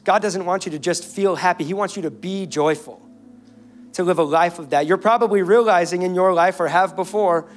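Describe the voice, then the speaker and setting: A young man delivers a sermon from a church stage. His voice is high, and he swings between urgent intensity and quiet, hushed stretches. Faint music plays softly behind him. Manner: earnest preaching, rises and falls between intense and hushed. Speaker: pastor. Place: church auditorium.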